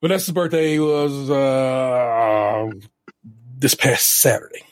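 A man's voice: medium pitch, slow, no room sound, studio quality. A man co-hosting a podcast, telling stories in a laid-back, casual way with some profanity. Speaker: podcast co-host. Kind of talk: casual chat.

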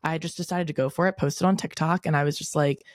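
A woman in her twenties hosting a podcast, telling a story in a casual, animated way, full of "like" fillers. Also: deep voice, fast talker, no echo, studio quality. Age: 20s. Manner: chatty, lots of "like" fillers, animated retelling. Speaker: podcast host.

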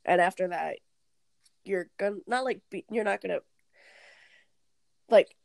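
A woman's voice: mid-range voice, a little slow, vocal fry, darkish tone, no room sound. A young woman co-hosting a podcast, chatting casually about a movie, laughing often and acting out lines from scenes. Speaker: podcast co-host. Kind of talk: casual movie recap chat.

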